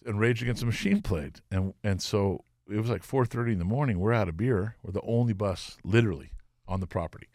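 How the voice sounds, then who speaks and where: Low-voiced man telling wild stories. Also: fast, dry recording, clean studio sound. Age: middle-aged. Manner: profane, animated, acts out quoted voices. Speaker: guest musician. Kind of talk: casual storytelling.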